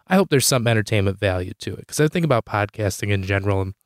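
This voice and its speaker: A young man hosting a podcast, telling a comic story in a rambling, animated way, swearing freely and jumping high in pitch when he quotes himself. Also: fast, no room sound, clean studio sound. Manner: rambling with many "like" fillers and restarts. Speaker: podcast host. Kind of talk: comedic storytelling monologue.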